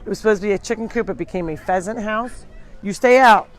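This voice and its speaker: A woman's voice: mid-range voice, rapid-fire. A woman hosting a live farm sanctuary tour. She talks to viewers in a chatty, rambling way as she walks outdoors between the pens, recorded on a handheld mic. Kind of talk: casual live-stream tour narration.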